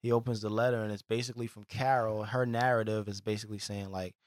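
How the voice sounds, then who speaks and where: A man co-hosting a podcast, recapping a TV episode in relaxed, profane casual chat. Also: on the low side, fast talker, no echo, clean studio sound. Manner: relaxed, profane, talks over his co-host. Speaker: podcast co-host.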